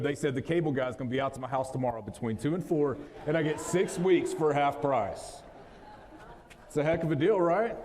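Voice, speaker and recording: A man's voice: on the high side, darkish tone, a little hiss or hum. Folksy West Texas man, echoing hall. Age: 30s. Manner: joking, folksy, talks straight to the crowd. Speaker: motivational speaker. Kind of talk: motivational talk to an audience. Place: event hall, live audience. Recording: long hall reverb.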